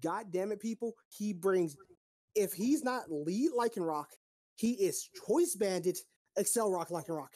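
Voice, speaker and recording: A woman hosting a casual recap of competitive game battles, excitable, profane and teasing. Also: mid-range voice, unhurried, dry recording. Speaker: league recap host. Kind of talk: casual gaming recap chat.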